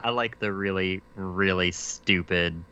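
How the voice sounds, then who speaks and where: A man's voice: sits low, fairly even intonation, unhurried, pushed and bright, clean tone, lo-fi sound. A man co-hosting a podcast, throwing in wry, sarcastic quips. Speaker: podcast co-host. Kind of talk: casual podcast chat.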